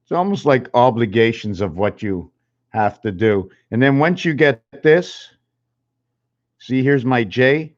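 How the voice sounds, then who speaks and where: A man talks to his channel in a halting, musing way, counting numbers and spelling letters aloud as he draws. He sounds a little out of breath. His voice sits at a middling pitch, and the recording is slightly dull. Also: lively intonation. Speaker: channel host. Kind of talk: rambling numerology talk while drawing.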